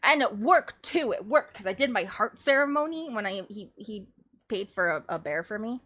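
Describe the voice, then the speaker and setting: A young adult woman hosting a livestream, chatting casually in a rambling, animated way and often breaking into laughter. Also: mid-range voice, moderate pace. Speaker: livestream host. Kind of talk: casual chat.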